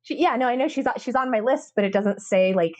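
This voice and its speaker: A woman's voice: a little high, fairly quick, a little mellow, dull audio. A woman co-hosting a casual podcast, chatty and thinking aloud. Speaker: podcast co-host.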